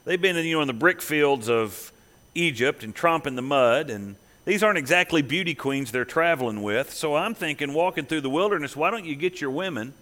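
A preacher putting on a glib, scheming false prophet who talks like a folksy salesman. The voice sits a little high, with a bright, forceful edge, and he makes his plan sound easy and tempting. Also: animated, a little fast. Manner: folksy, wheedling sales pitch.

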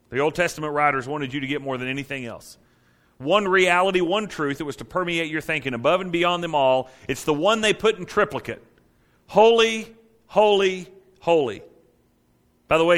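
A middle-aged man preaching a sermon as pastor, emphatic and slowing down to stress key words. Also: on the high side, pushed and bright.

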